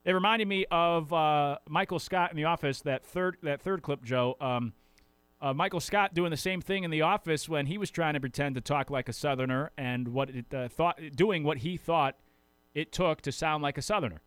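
A man's voice: fairly high pitch, normal speed, a bit bright, smooth, dry recording. A man hosting a sports talk show in a casual, rambling way, often correcting himself mid-sentence. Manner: chatty, rambling, self-correcting.

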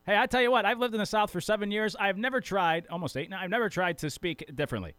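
A man's voice: sits high, fast talker, a bit bright, dry recording. A man hosting a sports talk radio show, chatty and opinionated, talking into a studio microphone.

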